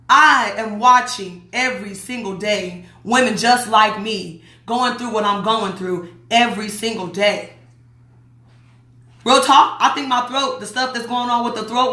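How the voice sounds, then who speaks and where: A woman from Las Vegas talks straight into her phone on a livestream, blunt and emphatic, hammering home her warnings. Her voice is bright and forward, and the room around her is echoey. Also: a little high. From Las Vegas, USA. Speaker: host. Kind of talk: livestream talk reading viewer comments.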